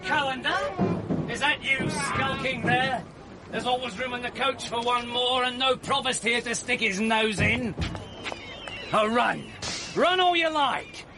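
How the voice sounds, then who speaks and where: An actor playing a mocking, threatening recruiter in a period crime drama. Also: male voice, very high-pitched, background noise. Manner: taunting, threatening. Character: menacing press-gang recruiter, mocking and cruel.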